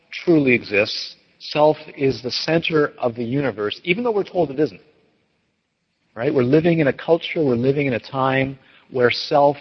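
A man teaching an audience, telling stories in an animated way and acting out the voices of the people he quotes. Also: mid-range voice, breathy edge. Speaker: dharma teacher. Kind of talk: storytelling talk to an audience. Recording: dull recording with long hall reverb.

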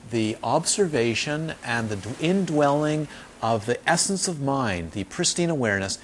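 A meditation teacher with a medium-pitched voice gives a casual dharma talk, animatedly storytelling, repeating points emphatically, and performing the voices of those he quotes. Slight background noise is audible.

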